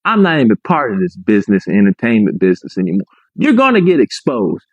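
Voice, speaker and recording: Man telling his story, keeps saying right?, very lively pitch, dull dry audio. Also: fast, slightly rough, no room sound. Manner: emphatic, repeats points, asks "right?". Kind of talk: emphatic personal account.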